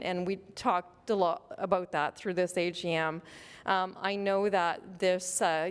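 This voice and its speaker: A woman's voice: fairly low pitch, clean tone. Woman thanking everyone at her farewell as union president, lots of ums, kinda choked up, echoey big hall. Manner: emotional, grateful, many fillers. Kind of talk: heartfelt farewell speech. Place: large convention hall. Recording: long hall reverb.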